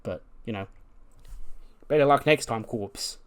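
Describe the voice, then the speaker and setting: An arrogant young male wrestler brags and sneers at everyone around him, as a streamer puts him on. He talks loudly and full of himself. It is a casual voice in a game recap. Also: medium pitch, a little slow, smooth, lightly acted. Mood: smug. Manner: boastful, taunting.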